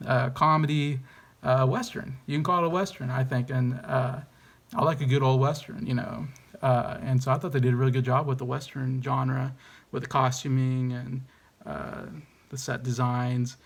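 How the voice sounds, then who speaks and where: A man's voice: mid-range voice, little pitch movement, moderate pace, gravelly. A man giving a casual, enthusiastic movie review, hesitant and rambling with many ums and restarts.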